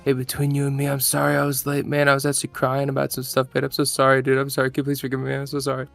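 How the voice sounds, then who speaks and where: Streamer playing a slacker guy student, deep gravelly mumble, flat tone, fast. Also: soft background music. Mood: apologetic. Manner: low, mumbling, apologetic drawl. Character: laid-back, remorseful late student, male.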